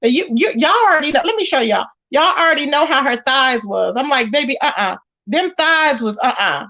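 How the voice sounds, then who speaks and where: Sassy high-voiced woman spilling gossip. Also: expressive, fairly quick, sharp tone. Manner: sassy, emphatic, rhetorical questions to viewers. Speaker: commentary channel host. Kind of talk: casual gossip commentary.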